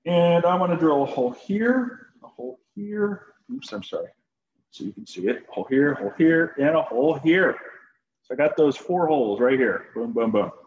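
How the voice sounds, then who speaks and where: A man's voice: on the high side, sing-song, normal speed, roomy sound, muffled recording. A man teaching a shop class in a folksy, joking way while demonstrating tools. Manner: folksy, joking, talks to students directly. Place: school workshop.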